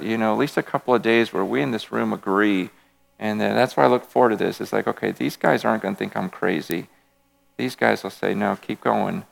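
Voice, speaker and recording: Gravelly-voiced man giving an earnest testimony. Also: medium pitch. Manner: earnest, emphatic storytelling with self-deprecating humor. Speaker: speaker at a faith gathering. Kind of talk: passionate personal testimony. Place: room with a live audience.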